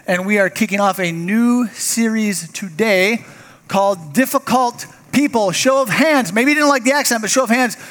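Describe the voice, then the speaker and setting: A man preaching as a pastor, joking with the congregation in an animated, self-deprecating way. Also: high voice. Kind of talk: sermon. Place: large church hall. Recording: long reverb of a large hall.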